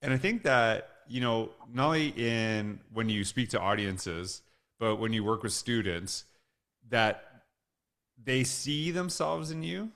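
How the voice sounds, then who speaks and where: A man hosts a relaxed conversation with a guest, his voice pitched in a mid range for a man. He sounds enthusiastic and effusive, circling around his questions. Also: takes it slowly, gravelly. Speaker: host. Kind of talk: casual conversation.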